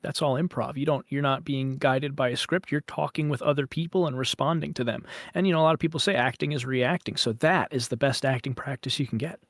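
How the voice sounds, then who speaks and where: A man's voice: medium pitch, fairly even intonation, a little fast, few pauses, a bit bright, dry recording, studio quality. A man who coaches voice actors, talking emphatically and encouragingly as a guest in a casual podcast chat. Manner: emphatic, encouraging, explains eagerly. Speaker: voice acting coach.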